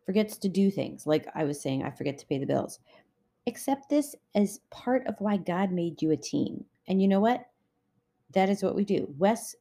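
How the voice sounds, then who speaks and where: A woman's voice: on the low side, mellow. A middle-aged woman giving a casual devotional talk, conversational and full of personal anecdotes. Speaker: Christian relationship speaker.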